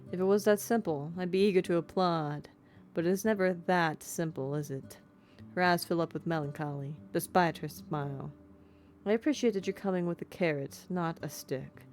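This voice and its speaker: An aloof, upper-class mayor speaks in a put-on British accent, formal and measured, as a woman reads her lines from a game. The voice sits a little low, and soft music plays faintly underneath. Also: natural voice. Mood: guarded. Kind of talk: reading game dialogue aloud.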